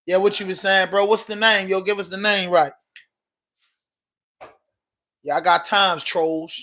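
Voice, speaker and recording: A man's voice: sits high, normal speed, hardly any pauses, bright, forceful tone. A man with a Baltimore accent hosting a casual livestream podcast, talking loosely in slang while answering viewer comments. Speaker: podcast host.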